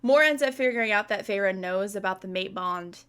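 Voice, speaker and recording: A woman's voice: medium pitch, normal speed, a bit bright, clear, resonant tone. A woman co-hosting a podcast in casual chat, emphatic and swearing freely while recapping a book. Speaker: podcast co-host.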